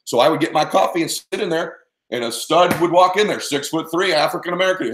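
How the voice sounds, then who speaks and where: A man with a somewhat high voice answers an interviewer in an emphatic, motivational way. He speaks in punchy bursts and keeps checking that his listeners follow him. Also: animated, fast, noisy background. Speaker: interview guest, performance coach.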